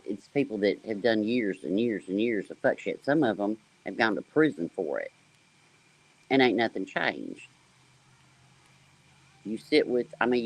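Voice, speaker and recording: A man's voice: on the low side, creaky, poor audio. A man from the American South with a Southern accent, talking bluntly and with slang as a panelist on a casual livestream.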